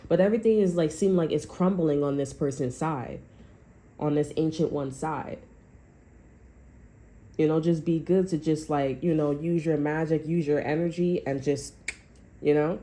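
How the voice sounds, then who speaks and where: At a moderate pace, a woman with a deep, mellow voice does a loose tarot reading for her viewers. She's chatty and foul-mouthed, with plenty of fillers and restarts.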